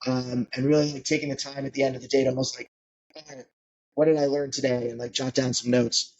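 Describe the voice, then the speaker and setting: A man's voice: mid-range voice, level tone, fast talker, highs cut off. A man in his late forties, a founder being interviewed on a podcast, talking conversationally with many fillers. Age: 40s. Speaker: guest founder.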